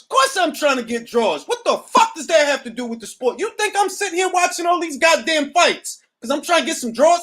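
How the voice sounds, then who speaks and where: A man's voice: very high voice, brisk, hardly any pauses. A middle-aged man hosting a boxing talk show, ranting profanely and casually on a livestream from home. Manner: profane, animated, riffing. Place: at home, seated.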